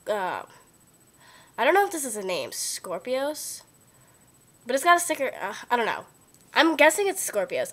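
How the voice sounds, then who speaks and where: A young woman with a cold chatting excitedly about her favorite makeup, gushing and full of "like" and "oh my God", recorded on a computer webcam mic at home. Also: on the high side. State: sick, voice lower than usual. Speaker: beauty vlogger. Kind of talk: casual chat. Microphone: built-in computer webcam mic.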